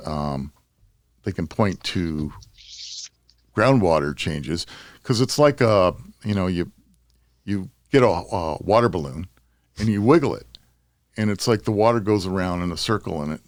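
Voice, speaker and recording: A man's voice: sits low, no room sound, studio quality. A man hosting a casual podcast, rambling and laughing often. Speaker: podcast host.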